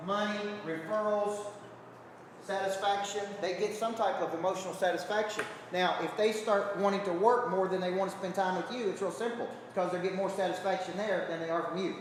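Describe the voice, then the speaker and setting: High-voiced man coaching in an echoey hall. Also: distant mic, a little hiss or hum. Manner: emphatic, repeats rhetorical check-ins with the crowd. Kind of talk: seminar talk to an audience. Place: large hall with a live audience.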